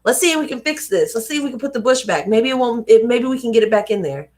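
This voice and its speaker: A woman voicing a gentle, loving father who soothes and reassures his excited young son. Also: on the high side, quick pace, close to an everyday voice. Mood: tender.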